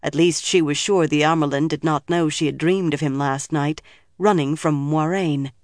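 An audiobook narrator reading fantasy fiction in an even, measured storytelling manner on a close studio mic. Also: mid-range voice, no echo.

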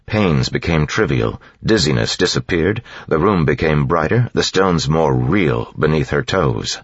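Deep-voiced man, steady measured narration, husky tone, dry close sound, muffled lo-fi recording. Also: dry recording. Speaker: audiobook narrator. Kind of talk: scripted narration.

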